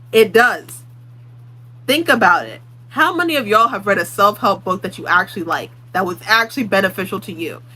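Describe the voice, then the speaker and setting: A woman's voice: medium pitch, sharp tone, husky, rough recording. A woman book vlogger ranting her opinions in casual talk, blunt and exasperated, swearing freely. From Puerto Rican.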